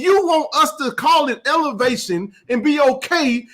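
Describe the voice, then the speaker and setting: A man hosting a live sports chat, ranting with passion and rising to shouts. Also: extremely high pitch, expressive, moderate pace, hardly any pauses. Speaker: sports talk show host.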